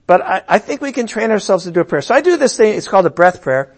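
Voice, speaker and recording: A middle-aged man giving a sermon, his voice a touch higher than most men's. He talks in a loose, conversational way, then raises his voice for loud emphatic bursts. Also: sing-song, quick pace. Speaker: pastor.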